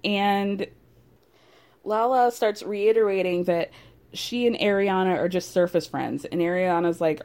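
Young woman, casual recap, sarcastic, chatty, quick asides. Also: medium pitch, darkish tone. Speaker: reality TV recap host.

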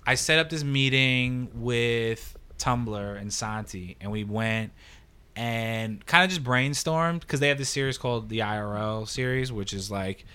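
A man from Brooklyn, a podcast guest, telling stories in a casual, animated way, filling his speech with "like". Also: mid-range voice, unhurried, smooth. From Brooklyn, New York. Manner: animated, heavy use of "like". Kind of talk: casual storytelling.

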